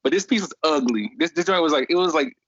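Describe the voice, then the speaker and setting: Young man, relaxed story, voices quotes, dry lo-fi mic. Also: a little high, fast talker, no echo. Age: young adult. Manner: animated, acts out voices in quotes. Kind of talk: casual storytelling. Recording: dry, dull lo-fi recording.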